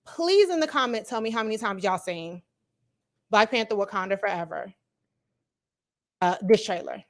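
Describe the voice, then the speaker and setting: A woman hosting a casual livestream, chatting to her viewers and reacting as she talks, animated and quick to laugh. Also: medium pitch. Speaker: livestream host.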